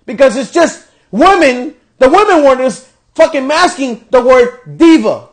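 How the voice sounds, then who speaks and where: A man's voice: very high-pitched, very animated, measured pace. A man hosting a podcast, delivering a profane, exasperated rant reviewing a wrestling show. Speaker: podcast host.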